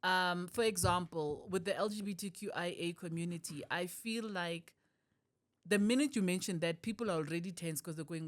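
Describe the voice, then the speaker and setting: A middle-aged South African woman with a South African accent, a comedian talking as a podcast guest, animated and quick to laugh. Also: fairly low pitch. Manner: animated, laughs often, switches voices for quotes. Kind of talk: podcast interview.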